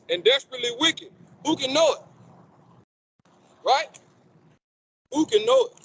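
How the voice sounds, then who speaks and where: A man's voice: very high voice, gravelly, a bit bright, a little hiss or hum, low-quality recording. A man preaching on the street in front of a store, emphatic and quoting scripture with rhetorical questions, recorded on a phone outdoors. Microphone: phone recording a video.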